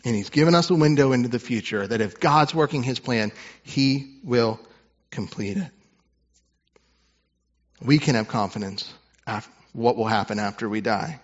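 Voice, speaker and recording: A man preaching a sermon as pastor, earnest, moving between hushed, tender passages and fervent ones. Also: mid-range voice, normal speed, long pauses, highs cut off.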